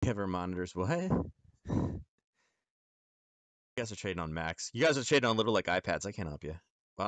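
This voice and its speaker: A low-pitched man, recorded without echo, hosts a nightly live trading lesson. Talking loosely to viewers about charts, he leans on "um" and "like" throughout.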